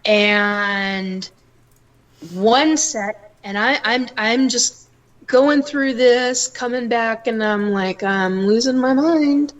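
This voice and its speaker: A middle-aged woman, a psychic guest, telling her stories in a casual and animated way and acting out the voices in them. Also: a little high, extremely slow, muffled recording. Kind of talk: casual storytelling interview.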